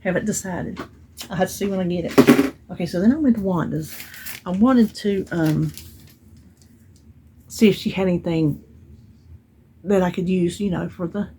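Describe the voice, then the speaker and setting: There's a faint hiss or hum as a woman with a fairly low, mellow voice talks at a normal speed, pausing often. At home, the vlogger chats through items she bought and received by mail, telling stories in a chatty way with Southern-style grammar.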